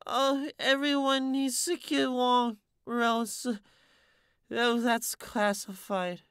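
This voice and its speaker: A man puts on a shy, tipsy schoolgirl for an audiobook. The voice sits very high and slurs its words. The sound is bright and dry. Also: no echo, heavily acted. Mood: tipsy, pleading. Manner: slurred, halting, breathy high voice. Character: timid teenage girl, tipsy and slurring.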